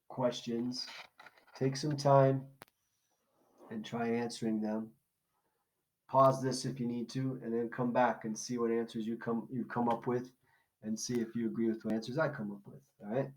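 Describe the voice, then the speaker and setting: A man's voice: mid-range voice, steady tone, a little slow, pauses often, low-quality recording. A man teaching a recorded poetry lesson, explaining in a casual way and asking questions that he then answers himself. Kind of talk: recorded classroom lesson walkthrough.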